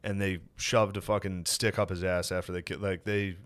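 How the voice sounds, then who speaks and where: Podcast co-host, man, lowish voice, loose rambling delivery, curses freely. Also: level tone, moderate pace, a bit bright. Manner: rambling, profane, trails off mid-sentence. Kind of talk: casual chat.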